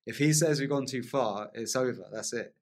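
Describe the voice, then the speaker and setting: Excitable man telling a wild story. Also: medium pitch, normal speed. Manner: vivid, excitable storyteller, laughs often, many "like" fillers. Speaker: podcast guest. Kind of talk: storytelling in casual conversation.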